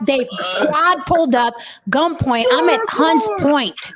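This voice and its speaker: A woman telling a wild personal story in casual chat, profane and animated. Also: high-pitched, unhurried, a crowd in the background.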